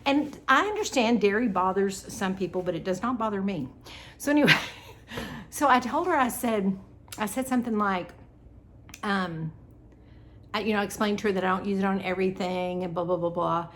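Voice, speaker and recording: A woman with a mid-range, fairly bright voice talks at a moderate pace, leaving long pauses. She's a vlogger and wellness coach chatting casually while making food in her home kitchen, laughing easily and saying "y'all."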